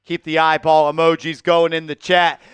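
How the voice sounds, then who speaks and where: A man hosting a fan live stream, calling plays and giving chat shout-outs, bursting into shouts and sing-song calls on big shots. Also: on the high side, moderate pace, smooth, dry recording, soft background music. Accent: New York. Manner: shouts and sings-along on made baskets, then calmer commentary.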